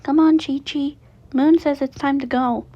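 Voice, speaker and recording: A woman's voice: high-pitched, steady tone, measured pace, pitched above the performer's own voice. A woman reading as an earnest young boy. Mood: eager. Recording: dull lo-fi recording.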